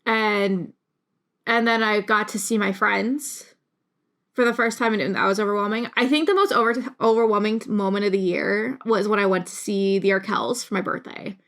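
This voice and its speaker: Rambling young woman with gravelly fry. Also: mid-range voice, steady tone, normal speed, fairly bright tone. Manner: rambling, emotional, many restarts. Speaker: YouTube creator. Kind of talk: casual talk to camera.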